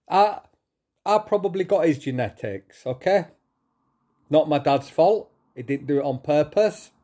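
A middle-aged man in a heated, swear-filled rant, talking slowly and deliberately. His voice sits a little high but sounds dark and mellow. He keeps repeating himself and stops now and then to collect himself. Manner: heated, swearing, repetitive, pausing to calm himself. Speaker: vlogger. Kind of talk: angry rant to camera.

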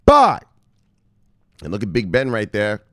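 A man's voice: on the low side, moderate pace, no room sound, clean studio sound. A man hosting a crypto news show, reading headlines and riffing on them in a casual, joking, profane way. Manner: animated, profane, joking asides, reads headlines then riffs.

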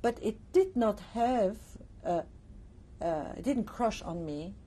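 An older woman from Alsace, France, gives a reflective testimony interview, often pausing with "uh" and "you see." Her medium-pitched voice is warm, husky, and expressive.

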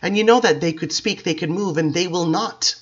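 An ancient vampire elder, worn down and bitter, pours out his grievances in a self-pitying rant, as a man reads him. The voice sits fairly high for a man. The audiobook has a dull, lo-fi sound. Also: brisk, husky. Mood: anguished. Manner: railing, self-pitying and defensive. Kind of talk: audiobook character reading.

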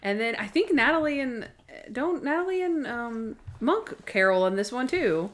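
A young woman co-hosting a podcast, chatting casually and excitedly about TV episodes, full of "like" and acting out bits of dialogue. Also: a little high, normal speed. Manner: chatty, full of "like", acts out characters' lines. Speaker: podcast co-host. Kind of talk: casual chat recapping TV episodes.

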